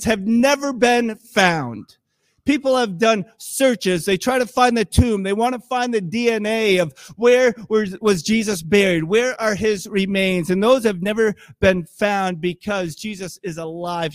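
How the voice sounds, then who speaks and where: A man's voice: sits high, no echo. A middle-aged male pastor preaching a sermon in a conversational, storytelling way, acting out quoted voices.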